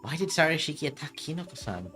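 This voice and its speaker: A streamer on a live stream, reading out a mystery game's dialogue and switching between character voices. The delivery is animated, with pitch jumping widely from line to line. Faint music plays underneath. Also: quick pace.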